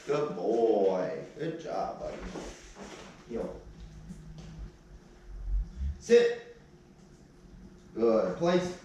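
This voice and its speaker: A man working as a dog trainer, casually explaining each step and barking short sharp commands to the dog. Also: on the low side, a little hiss or hum. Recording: distant, very echoey.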